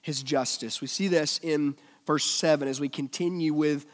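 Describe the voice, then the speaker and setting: A male preacher giving a sermon, swinging between loud emphatic lines and hushed, almost whispered ones. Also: a little high, fairly even intonation, moderate pace, long reverb tail.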